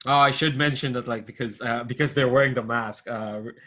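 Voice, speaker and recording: A man's voice: medium pitch, fairly even intonation, fairly quick, fairly bright tone. A man narrating as game master of a tabletop role-play game in a casual, rambling way with many restarts. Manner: rambling, full of fillers and restarts.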